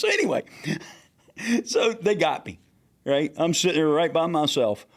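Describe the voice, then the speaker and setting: Man, fishing captain, animated storyteller, shouts out quoted lines, casual and profane. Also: fairly high pitch, moderate pace, breathy edge. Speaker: fishing captain, podcast guest.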